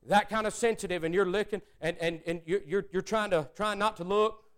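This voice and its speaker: Male preacher, high voice, moves from hushed prayer tone to shouts. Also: steady tone, brisk. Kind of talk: sermon.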